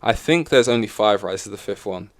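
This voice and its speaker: A man's voice: fairly low pitch, lively intonation, fairly quick. A man hosting a solo podcast in casual chat, rambling and correcting himself as he goes, swearing casually. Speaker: podcast host. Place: in front of a camera.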